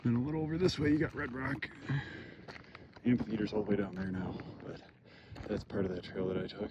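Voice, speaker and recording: Young man with a Michigan accent, winded, chatty hiking vlogger; low-ish voice, trail noise behind. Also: steady tone, a little fast, pauses often, muffled recording. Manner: chatty, swearing, complaining. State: out of breath. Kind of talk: hiking vlog narration. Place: outdoors on a mountain trail.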